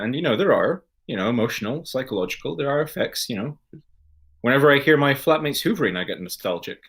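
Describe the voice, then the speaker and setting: Man, podcast co-host, casual chat, sweary ranting storyteller, middle pitch. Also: lively intonation, fairly quick, a bit bright. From Scotland.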